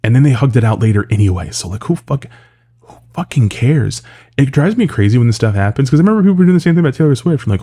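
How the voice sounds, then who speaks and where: A man's voice: mid-range voice, expressive, very fast, warm tone. A man giving an exasperated, sarcastic and profane rant in casual commentary, full of filler words.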